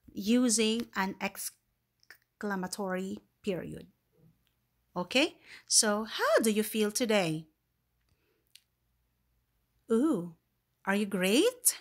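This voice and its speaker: A woman with a Filipino accent teaching a grammar lesson to young English learners, patiently repeating points and reading example sentences aloud with emphasis. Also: mid-range voice. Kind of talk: slow, deliberate online lesson for young learners.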